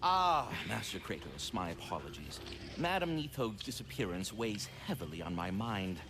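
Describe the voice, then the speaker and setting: A man's voice: on the low side, big pitch swings, moderate pace. An actor playing an anxious, formal male tenant in a video game. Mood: worried. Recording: noisy game audio.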